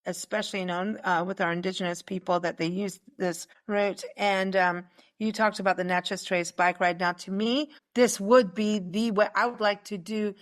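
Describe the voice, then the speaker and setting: A woman's voice: mid-range voice, steady tone, normal speed. A woman hosting a radio travel show, chatting casually with a guest, asking questions and trailing off mid-thought. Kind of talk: casual radio interview chat.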